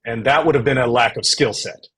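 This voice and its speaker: A man guest on a podcast, telling stories in a measured, anecdotal way about his acting career. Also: mid-range voice, a bit bright, rough recording. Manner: anecdotal, measured, uses quoted voices. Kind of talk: relaxed storytelling conversation.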